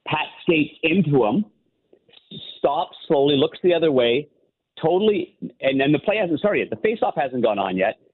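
A man's voice: on the high side, animated, normal speed. Chatty man on a tinny phone line. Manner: chatty, rambling anecdotes with many restarts. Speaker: former NHL goalie turned hockey analyst, guest. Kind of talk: casual phone-in interview.

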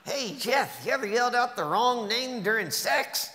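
A man's voice: very high voice, animated, moderate pace, voice pushed up. A man voicing a grumpy, crude old man puppet in a ventriloquist stage act, blunt and insulting. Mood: mocking. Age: over 60 (figure). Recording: live hall with loud noise.

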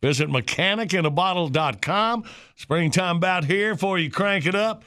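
Bright-voiced radio host. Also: male voice, high voice, expressive, normal speed. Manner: folksy banter, reads ads. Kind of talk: morning radio show.

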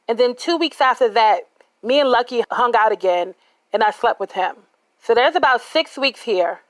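A woman's voice: a little high, no echo, rough recording. A woman telling a personal true story in a candid, conversational and dramatic manner.

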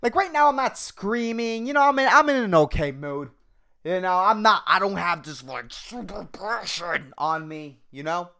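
A man hosting a comedy podcast on his own, talking in a loud, goofy, aggressive way and swearing freely. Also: sits high, moderate pace, clear, resonant tone. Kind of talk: casual solo podcast talk.

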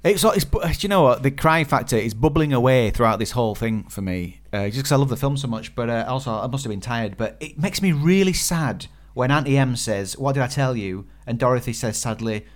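A man's voice: medium pitch, a little fast, hardly any pauses. A man co-hosts a casual film review podcast. His voice rises and falls a lot, and he breaks into raised, playful impressions of what characters say. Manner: animated, acts out quotes in a raised voice. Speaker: podcast co-host.

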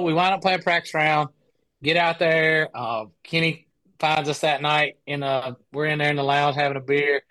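A man's voice: on the high side, dry recording. Man telling a rambling golf story. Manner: animated, rambling anecdote with many restarts. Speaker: guest, professional golfer. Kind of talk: casual storytelling interview.

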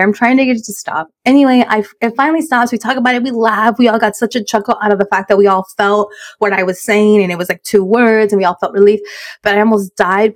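A woman's voice: a little high, no echo, studio quality. A middle-aged woman, co-host of a chat podcast, telling a story with lots of laughs and Spanish phrases mixed into her English, her throat a little sore.

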